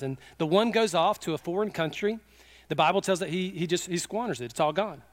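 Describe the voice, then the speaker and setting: A middle-aged man preaching a sermon with fervor, slipping into quick acted quotes. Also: sits high. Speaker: pastor.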